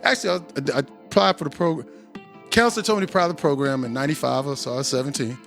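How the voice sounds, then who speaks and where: A man in his forties hosting a podcast, telling rambling, profane stories in a casual, animated way from a home studio. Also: fairly high pitch, very fast, vocal fry, soft background music. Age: 40s. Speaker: podcast host.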